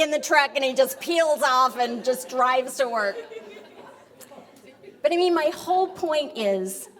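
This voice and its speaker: A middle-aged woman giving a lecture, telling a story in an animated way and acting out the dialogue. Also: sits high. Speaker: university vice president giving a lecture.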